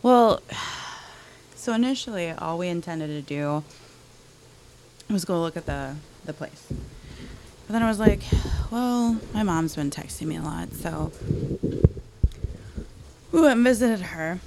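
A woman telling a long casual story in a chatty, animated way with quick asides. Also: on the low side, creaky, a little hiss or hum.

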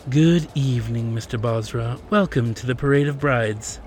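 A man's voice: mid-range voice, normal speed, darkish tone, faint music behind, close to an everyday voice. A man reading as a young female siren greeter with a tinkling, sensual voice. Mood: sensual welcome. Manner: sweet, welcoming.

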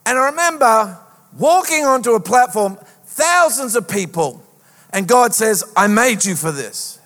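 Man, pastor, lively sermon, high voice, long hall echo. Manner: lively, rhetorical preaching with sing-song emphasis. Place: church auditorium.

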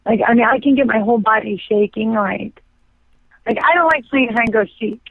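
A woman's voice: fairly high pitch, fairly quick, creaky, slightly rough, no echo. A woman actor chatting as a guest, rambling with lots of fillers. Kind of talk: casual interview chat. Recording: tinny dry phone line.

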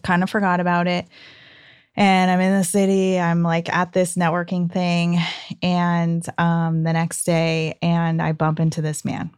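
A woman telling a personal story in casual chat, animated and full of "like"s. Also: fairly low pitch, unhurried, smooth, dry recording, studio quality. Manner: animated, breathless storytelling with many "like"s.

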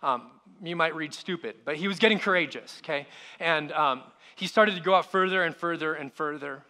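A man, a pastor, preaching a sermon in an earnest way, repeating his words and dropping to a hushed voice on key lines. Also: fairly high pitch, a little fast.

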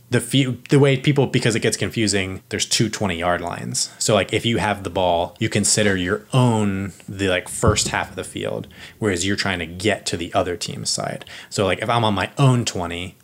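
A man's voice: fairly low pitch, moderate pace. A man in casual chat explaining football rules, rambling with many restarts and fillers. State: out of breath.

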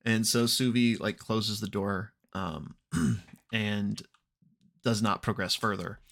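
Guy with a lowish voice going over a tabletop episode, lots of ums, clears his throat. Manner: relaxed, unhurried retelling with frequent ums and throat clearing; briefly acts out characters' lines in quoted voices. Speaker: podcast host recapping an actual-play episode. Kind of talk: casual episode recap.

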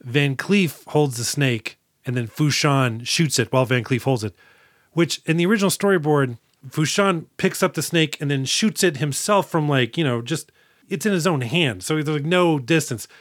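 A man's voice: fairly high pitch, moderate pace, dry recording, clean studio sound. A man co-hosting a podcast, retelling movie scenes in rambling, profane casual chat. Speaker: podcast co-host.

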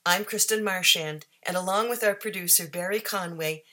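A woman radio host reading a scripted outro in a cheerful, measured way. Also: lowish voice, bright, forceful tone, a little hiss or hum.

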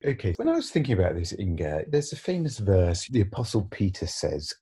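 A man's voice: deep voice, very animated, brisk, few pauses, warm tone, slightly rough. A man hosting a faith conversation who asks questions and answers with short affirmations. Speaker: host. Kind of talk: interview-style faith conversation.

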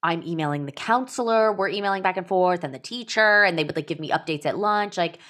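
A woman in her thirties chatting casually as a podcast guest, filling her speech with "like" and acting out quotes in a higher voice. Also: brisk, a bit bright. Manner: chatty, fills with "like", acts out quotes in a high voice. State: pregnant. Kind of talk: casual chat.

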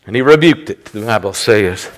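A man pastor preaching a sermon, rising loud and high when he quotes a rebuke. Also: lively intonation, moderate pace.

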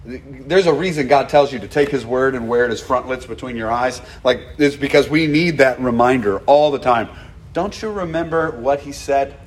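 A man preaching a sermon, animated and acting out the voices of the people he quotes. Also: mid-range voice, moderate pace, slight background noise. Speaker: pastor.

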